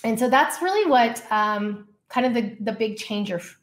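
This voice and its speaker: A woman guest on a podcast, telling a personal story in a casual, lively way, full of "like" and "you know.". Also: on the high side, measured pace. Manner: lively personal storytelling, acts out her own past dialogue; casual, frequent fillers such as "like" and "you know". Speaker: podcast guest, leadership coach.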